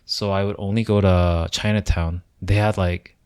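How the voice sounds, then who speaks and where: A man from South Korea co-hosting a podcast in casual chat, calm and measured, often asking questions. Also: sits low, smooth, dry recording, clean studio sound. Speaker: podcast co-host.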